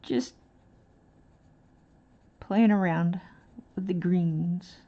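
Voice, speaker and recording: A woman's voice: on the low side, fairly even intonation, drawn-out words, lo-fi sound. A woman chatting casually on an art live stream, rambling and thinking aloud as she colors. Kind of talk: casual chat while coloring.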